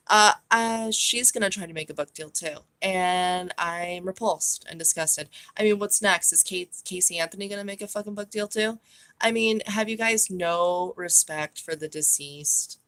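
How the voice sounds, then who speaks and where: A woman's voice: fairly low pitch, fairly bright tone. A woman vlogging a true crime monologue, blunt and profane, with a scornful, opinionated way of talking.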